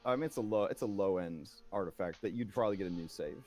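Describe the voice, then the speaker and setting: A man's voice: low-pitched, quick pace, darkish tone, faint music behind. A man narrating a tabletop game as game master, in a meandering way with lots of fillers.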